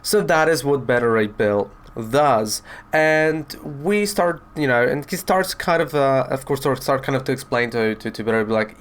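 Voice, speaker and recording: Guy rambling thru a comic review, chatty, middle pitch, lots of um and you know. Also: animated, normal speed, slight background noise. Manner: chatty, rambling with fillers and retellings.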